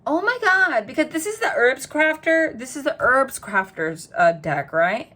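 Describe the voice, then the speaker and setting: A woman reading tarot in a casual vlog, chatty and rambling, telling animated stories full of quoted dialogue. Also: high-pitched, unhurried. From New Jersey. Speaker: tarot reader.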